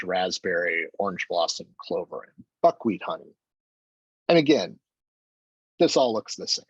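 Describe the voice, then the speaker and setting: Husky-voiced man giving a chemistry seminar. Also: mid-range voice, dry recording, dull audio. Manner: relaxed, conversational, with self-deprecating asides and fillers. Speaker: chemistry lecturer. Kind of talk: academic seminar talk.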